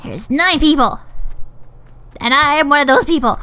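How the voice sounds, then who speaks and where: A woman's voice: high-pitched, normal speed, pauses often, noisy background. A woman talking to herself while playing a shooter game, muttering, swearing and getting exasperated. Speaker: gamer. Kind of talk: gameplay commentary.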